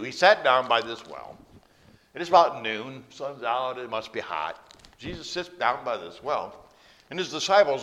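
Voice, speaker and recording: Lively storytelling male preacher. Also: medium pitch, slight background noise. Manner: storytelling, conversational with asides. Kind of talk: sermon.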